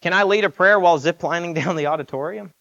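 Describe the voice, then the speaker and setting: A man's voice: high-pitched, fast, gravelly, a bit bright, highs cut off. A man preaching a sermon in an earnest, emphatic way, asking rhetorical questions.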